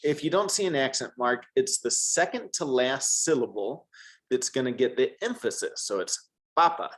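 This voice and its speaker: A man's voice: mid-range voice, expressive, moderate pace. A man teaching a one-on-one Spanish lesson, patient and encouraging, modeling words for the student to repeat.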